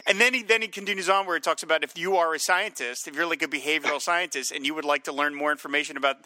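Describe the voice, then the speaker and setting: A man co-hosting a film podcast in casual chat, animated and often acting out movie lines in a high shout. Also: racing, dry recording. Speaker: podcast co-host.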